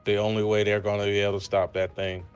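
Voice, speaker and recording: A man co-hosting a review podcast in casual chat, laughing often and swearing in quick interjections. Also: fairly low pitch, monotone, soft background music. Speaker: podcast co-host.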